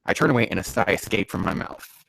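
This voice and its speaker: A man reading bad fanfiction aloud for comedy, sarcastic and swearing, breaking off into loud bursts of disbelief. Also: sits low, lively intonation, fast talker, dry recording, poor audio. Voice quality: gravelly.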